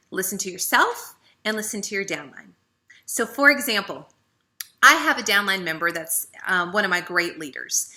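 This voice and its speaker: Southern lady team leader giving a pep talk, chatty, lots of "right?", real bright voice. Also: mid-range voice. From American South. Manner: chatty, animated, with frequent "right?" and "okay". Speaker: network marketing team leader.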